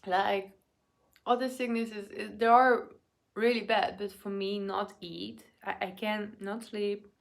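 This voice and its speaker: A young woman chatting casually while she eats, halting and restarting, sometimes murmuring or whispering. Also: medium pitch, level tone, gravelly. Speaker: vlogger. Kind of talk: casual eating vlog chat.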